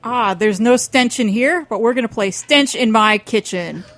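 A woman's voice: on the high side, normal speed, a bit bright. A woman musician guesting on a studio show, adding short, dry quips. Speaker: musician, band member guest. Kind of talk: casual studio interview.

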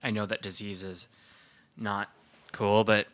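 A man's voice: lowish voice, flat delivery, unhurried, a bit bright. A man co-hosting a casual podcast, telling stories and ranting jokily. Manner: ranting, storytelling, jokey. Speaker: podcast co-host. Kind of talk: casual chat.

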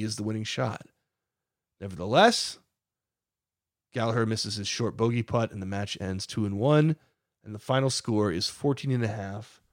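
A man's voice: on the low side, dry recording, clean studio sound. A man narrating a podcast, telling the story with emphatic, dramatic builds.

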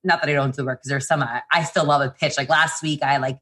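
A woman who founded a PR agency, talking casually and quickly in an interview, with lots of fillers and restarts. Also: sits low, fairly even intonation, a bit bright.

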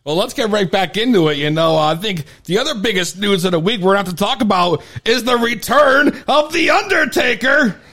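A man's voice: sits high, quick pace, few pauses, fairly bright tone. A man hosting a casual podcast, talking loosely, laughing easily and swearing. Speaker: podcast host.

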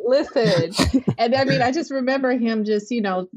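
A woman's voice: a little high, normal speed, darkish tone, no echo, dull audio. A woman from Chicago hosting a casual interview, chiming in with affirmations and sharing memories. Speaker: host.

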